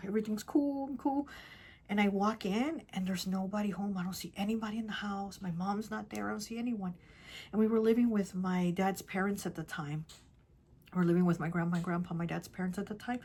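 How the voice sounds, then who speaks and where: A woman tarot reader telling a personal story in casual chat, rambling and repeating herself, often dropping to a soft, hushed voice. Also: mid-range voice, breathy edge. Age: adult with children. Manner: rambling, repeats herself, many "like" and "you know".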